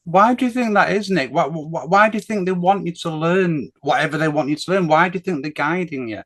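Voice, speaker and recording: Male podcast host, higher voice, fumbling restarted questions. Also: fairly quick. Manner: restarts questions, repeats himself. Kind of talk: interview questions.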